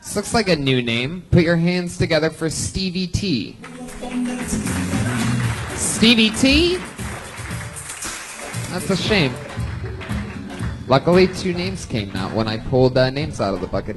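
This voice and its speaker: A man's voice: fairly high pitch, animated, normal speed, hardly any pauses, over music. A man in his thirties hosting a live comedy show, teasing the comics he interviews. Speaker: host.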